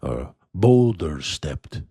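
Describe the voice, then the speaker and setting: A man's voice: rumbling low, big pitch swings, extremely slow, mellow, husky, no room sound, studio quality, heavily acted. A man doing a big, simple-minded brute. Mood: blunt. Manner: broken, simple speech.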